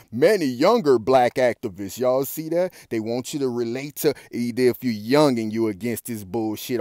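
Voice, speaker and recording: A man's voice: mid-range voice, darkish tone, no room sound. Sex: man. Style: profane ranting commentary. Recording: dry. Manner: profane, confrontational, addresses viewers directly; emphatic, repeats curses for punch. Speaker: commentary vlogger.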